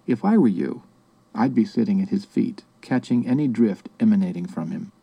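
A man's voice: fairly low pitch, animated, normal speed, creaky, breathy edge, dull audio, heavily acted. A man reading the lines of an older male anthropology professor who lectures in a tired, condescending way. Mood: weary advice.

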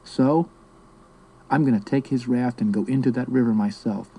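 A man reading aloud as a serious, formal young boy with a gruff little voice. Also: mid-range voice, normal speed, mellow, low-quality recording. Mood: solemn.

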